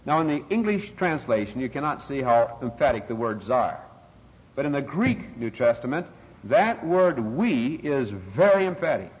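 A man's voice: mid-range voice, very animated, moderate pace. Older guy giving a sermon, punches key words, big echoey church, muffled old recording. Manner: emphatic, dramatic rises on scripture quotes. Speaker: preacher. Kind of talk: expository sermon. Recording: dull, lo-fi, long reverb in a hall.

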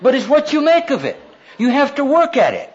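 A man's voice: very high-pitched, wildly swooping pitch, brisk, slight background noise. An older man preaching a sermon, quoting scripture with folksy, self-deprecating humor, on a dull lo-fi recording.

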